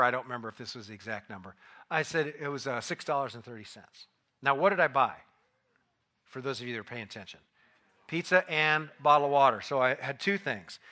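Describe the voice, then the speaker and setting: Bright-voiced man preaching a story. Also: on the high side. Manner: conversational storytelling, rising to loud acted outbursts. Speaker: pastor. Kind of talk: sermon with personal anecdote.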